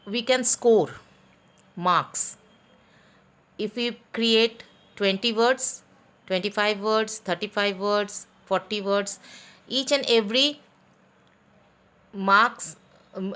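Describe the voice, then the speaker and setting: A woman teacher leads a recorded lesson for children. She speaks very slowly and deliberately, spelling words letter by letter and pausing often with fillers. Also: mid-range voice, a bit bright. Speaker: school teacher. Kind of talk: recorded online class.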